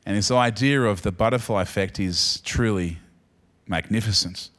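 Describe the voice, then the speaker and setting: A man with an Australian accent preaching a sermon as pastor, swinging from soft, chatty asides with the congregation to loud, emphatic peaks. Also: on the low side, moderate pace.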